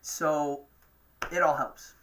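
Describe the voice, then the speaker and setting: A man's voice: a little high, steady tone, slow pace, bright, forceful tone. A man with an East Coast accent hosting a livestream show, chatting in a rambling, enthusiastic way. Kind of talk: casual livestream chat.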